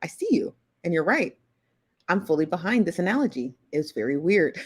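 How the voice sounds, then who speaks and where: A woman hosting a live stream in a relaxed, chatty way, greeting viewers and laughing easily. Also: lowish voice, brisk, breathy edge. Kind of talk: casual live stream chat.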